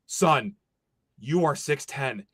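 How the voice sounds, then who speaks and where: A man's voice: medium pitch, lively intonation, slow, a bit bright, breathy edge, no room sound. A man hosting a sports podcast, ranting sarcastically with lots of energy after a loss. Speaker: podcast host.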